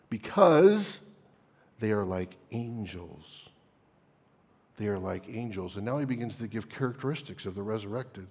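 A man delivers an expository sermon at an unhurried pace, pausing to ask the congregation rhetorical questions. His voice has a slightly husky edge. The sound carries a long reverb, as in a large hall. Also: mid-range voice, darkish tone. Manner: teaching, rhetorical questions, stressing phrases. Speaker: pastor.

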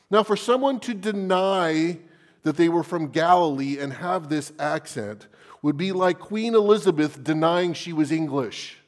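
Slow, dramatic male preacher. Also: on the high side. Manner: dramatic, drops into hushed whispers for emphasis. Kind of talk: sermon.

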